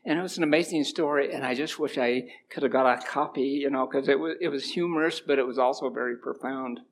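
A man's voice: medium pitch, fast, slight background noise. A middle-aged man giving an informal church talk, mixing homely stories with scripture readings, with a runny nose. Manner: folksy storytelling mixed with scripture reading. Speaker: church speaker.

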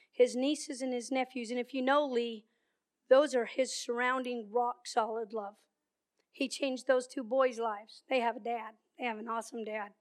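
Woman preacher, high voice, storytelling sermon with emphatic repetition.

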